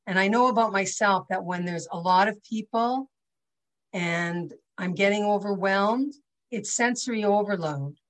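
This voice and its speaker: A woman's voice: medium pitch, unhurried, poor audio. Older woman teaching a chatty online class. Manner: chatty, rambling with asides. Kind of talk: casual online class talk. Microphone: video call.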